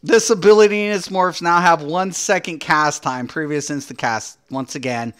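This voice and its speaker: A man giving profane, excitable commentary as he reacts to game patch notes, swearing constantly and breaking into laughter. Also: fairly high pitch, moderate pace, smooth. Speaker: gaming streamer.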